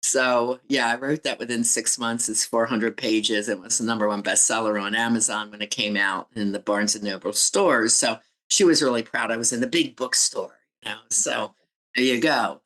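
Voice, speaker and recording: A woman's voice: extremely low pitch, steady tone, moderate pace, fairly bright tone, poor audio. Candid woman sharing personal stories. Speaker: guest, relationship coach and author. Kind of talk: podcast interview storytelling.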